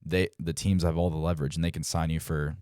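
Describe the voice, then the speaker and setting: Man, 20s, very low voice, dry close sound, casual storytelling, animated quoting. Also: fast, clean tone, no room sound. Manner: animated, acts out quoted dialogue, frequent "like". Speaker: pro baseball player guest.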